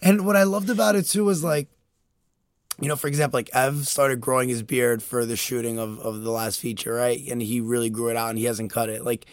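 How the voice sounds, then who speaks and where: A man's voice: mid-range voice, fairly even intonation, a little fast, clear, resonant tone, dry recording, clean studio sound. A young man in casual chat, telling a story animatedly with lots of fillers and laughter. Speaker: podcast co-host.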